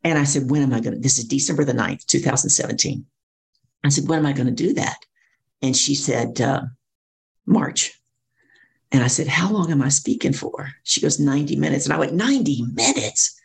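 A middle-aged woman, a professional speaker and coach, telling her story in an interview and acting out other people's lines in lively voices. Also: very deep voice, a little fast, gravelly.

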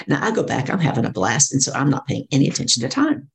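A middle-aged woman, a professional speaker and coach, telling her story in an interview and acting out other people's lines in lively voices. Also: extremely low pitch, fast, vocal fry.

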